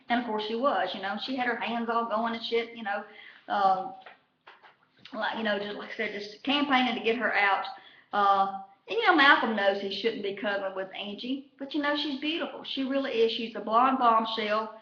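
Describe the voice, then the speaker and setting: A woman with a drawl rambles through a reality show recap, swearing freely and piling on fillers. Her voice sits a little high and comes across bright and forceful. The sound is roomy and echoey, with a dull, lo-fi quality. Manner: profane, rambling and gossipy, with lots of fillers. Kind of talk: casual chat.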